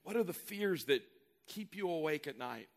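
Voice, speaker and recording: A man's voice: on the high side, animated, normal speed, creaky. A male pastor preaching a sermon in an earnest, emphatic way, often repeating words as he builds a point.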